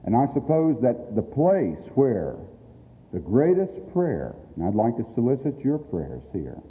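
A man's voice: medium pitch, huge pitch swings, unhurried, mellow. A man giving a sermon-style address about radio outreach. He speaks earnestly and stresses his points through emphatic repetition. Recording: long hall reverb.

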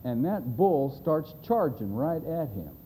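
A man's voice: on the high side, big pitch swings, slow pace, dark tone, a little hiss or hum, poor audio. A man preaching a sermon, telling a folksy joke and acting out the voices. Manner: folksy storyteller, drawling, acts out voices.

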